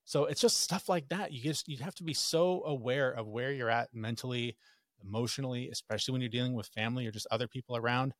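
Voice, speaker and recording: Animated storytelling man, dry sound. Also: mid-range voice, quick pace, dry recording. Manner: storytelling, animated when quoting others. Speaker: podcast guest. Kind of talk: casual podcast conversation.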